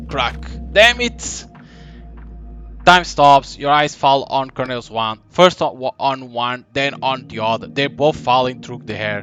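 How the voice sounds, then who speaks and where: A man giving live gameplay commentary, reading the story text and choices aloud in an even tone. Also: mid-range voice, lo-fi sound. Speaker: gaming commentator.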